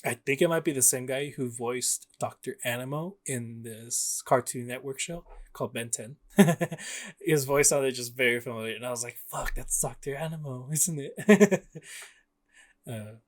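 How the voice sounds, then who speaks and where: A man's voice: medium pitch, normal speed. A young man chatting casually about a video game as a podcast co-host, rambling with lots of fillers and frequent laughs.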